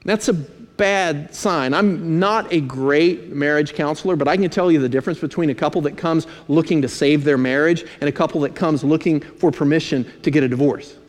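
Male preacher, high voice, emphatic, dry asides, long echoing hall. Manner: emphatic, with dry asides and slow stressed phrases. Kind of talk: sermon.

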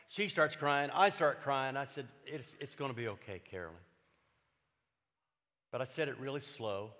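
A man's voice: medium pitch, a bit bright. An older man, preaching a sermon as a personal testimony, earnest and emphatic with repeated phrases. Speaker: pastor. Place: church sanctuary. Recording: hall reverb.

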